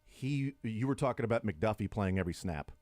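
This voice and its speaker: A man's voice: on the low side, lively intonation, a little fast, a little mellow, no echo. A middle-aged man hosting sports talk radio, chatting and arguing his points at length. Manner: conversational, argumentative, builds long points.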